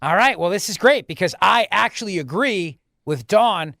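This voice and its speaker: A man's voice: sits high, lively intonation, moderate pace, vocal fry, bright, forceful tone, no echo, clean studio sound. A man hosting a talk radio show, chatting casually and reading listener tweets and ads. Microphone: studio microphone.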